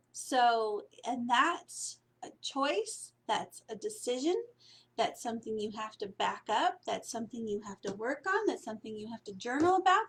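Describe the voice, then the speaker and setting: High-pitched lady doing casual spiritual coaching, rambly, keeps saying right?. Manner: meandering, repeats phrases, often asks "right?". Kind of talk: casual motivational talk.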